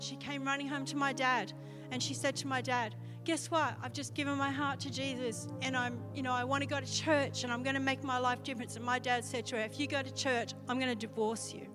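An Australian woman pastor preaching a sermon, telling a personal testimony in an animated way. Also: high-pitched. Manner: animated storytelling testimony, acting out quoted voices.

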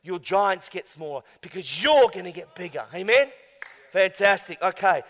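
High-voiced emphatic male preacher. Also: animated, normal speed. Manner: emphatic preaching, swinging from hushed to loud exclamations. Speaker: pastor. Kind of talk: sermon. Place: church. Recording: long church hall reverb.

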